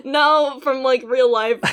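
A young woman co-hosting a casual podcast chat, talking quickly with frequent laughs and a sarcastic edge. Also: high-pitched, steady tone, a bit bright, smooth. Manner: chatty, laughs often, sarcastic. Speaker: podcast co-host. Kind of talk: casual chat reviewing an anime.

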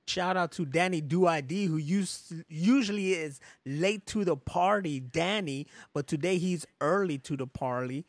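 A man's voice: a little high, measured pace, few pauses, no room sound. A man hosting a podcast in loose casual chat, rambling, laughing often and swearing freely. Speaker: podcast host.

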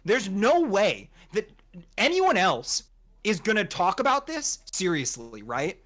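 A young man tells a long exasperated story to his co-hosts in a casual chat. His voice swings widely up and down and sits a little high, and he often acts out what other people said. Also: measured pace. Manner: animated, exasperated, swears a lot, acts out quotes. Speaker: podcast co-host telling a story.

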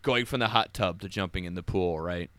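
A man's voice: low-pitched, fairly quick, bright, forceful tone, no echo. A man hosting a podcast, easygoing, who steers the chat with questions to his guest. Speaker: podcast host.

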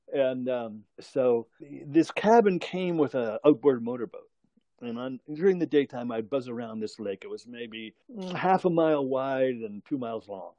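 A man's voice: medium pitch, lively intonation, measured pace, mellow, no echo, highs cut off. Chuckling older man telling a long story. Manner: rambling, chuckling often, self-correcting. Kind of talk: casual anecdote telling.

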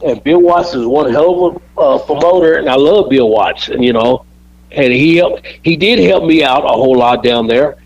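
A man's voice: mid-range voice, normal speed, darkish tone. An older man, a podcast guest, telling long stories in a rambling way, repeating words as he goes. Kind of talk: podcast storytelling. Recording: dull lo-fi audio.

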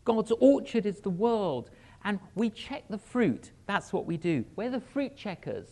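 Lively, unhurried storytelling preacher man. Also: sits high. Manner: animated storyteller acting out dialogue; humorous asides to the congregation. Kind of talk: storytelling sermon. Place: church.

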